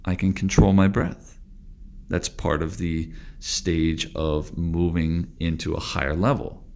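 A man teaching Tai Chi in a calm, deliberate monologue, slowing and stretching his words for emphasis. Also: low-pitched, gravelly.

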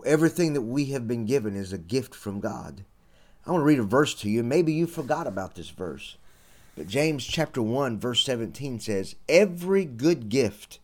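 A man's voice: mid-range voice, darkish tone. Man, radio preacher, earnest and folksy sermon delivery. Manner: earnest, folksy, addresses listeners as friends. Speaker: radio preacher and podcast host.

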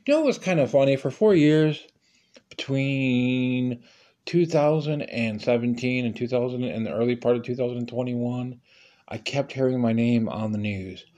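A man hosting a podcast, telling a rambling comedic monologue with sudden high-pitched outbursts. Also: moderate pace, dark tone, highs cut off. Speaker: podcast host.

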